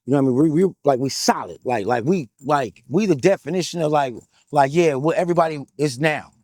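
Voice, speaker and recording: A hyped man in his thirties spins his story for an interviewer, tumbling over "like, like" fillers with street slang and casual swearing. His voice sits a little high. The sound is close and dry, with no room echo. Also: fairly quick. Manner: hyped, excitable, heavy with "like, like" fillers. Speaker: dancer telling his story as interview guest.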